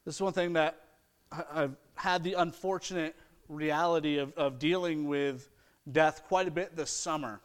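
A man's voice: fairly high pitch, steady tone, normal speed, clean tone. A middle-aged man preaching an earnest sermon, reading scripture aloud and building to emphatic points. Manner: earnest preaching with rising emphasis and mocking quoted excuses. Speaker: pastor.

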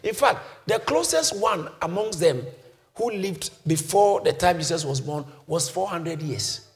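A male pastor preaching a sermon, swinging from quiet teaching to shouted calls that the congregation answers. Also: high-pitched, expressive, measured pace, creaky. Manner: congregation shouts back responses.

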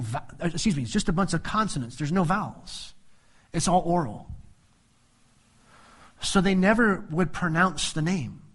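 Man preaching an animated Bible sermon. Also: high voice. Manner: animated, acts out quoted voices with humor. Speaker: pastor.

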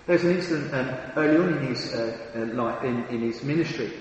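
A man's voice: mid-range voice, fairly quick, slight background noise. A man preaching a sermon, earnest and emphatic, often restarting and repeating his words. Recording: very echoey hall with long reverb.

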